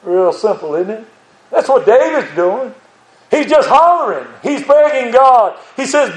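A man's voice: very high-pitched, big pitch swings, a little slow, reverberant, poor audio. An older man preaching a sermon in a folksy, earnest way, rising to pleading emphasis.

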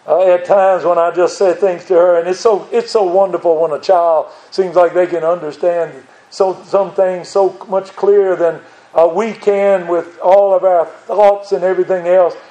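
A man's voice: high voice, steady tone, moderate pace, warm tone, reverberant, poor audio. An older man preaching a sermon in a folksy, earnest way, rising to pleading emphasis.

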